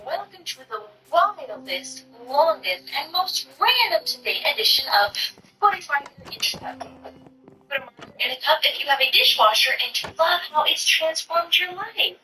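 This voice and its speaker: A woman's voice: very high voice, animated, moderate pace, bright, forceful tone, soft background music, poor audio. A woman talking in short social media clips, earnest and overly polite.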